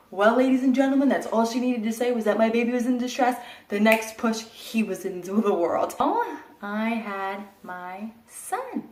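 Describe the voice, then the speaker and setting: Young woman blunt and animated, swears a bit, kinda far from the mic in an echoey room. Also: fairly high pitch, normal speed, a little hiss or hum. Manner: animated, blunt, swears casually, acts out quotes. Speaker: vlogger. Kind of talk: casual storytelling to camera.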